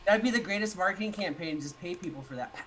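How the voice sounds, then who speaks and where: A man's voice: high-pitched, lively intonation, fast, noisy background. A man co-hosting a casual podcast and reading the chat. He jokes around and laughs often.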